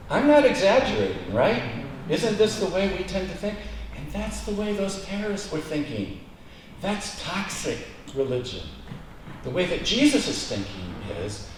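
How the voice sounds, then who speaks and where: A man's voice: a little high, a little mellow. A man preaching a sermon as pastor, telling stories and acting out the voices in a joke. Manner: storytelling preacher, acts out dialogue in a joke. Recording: echoey room, mic at a distance, faint hiss.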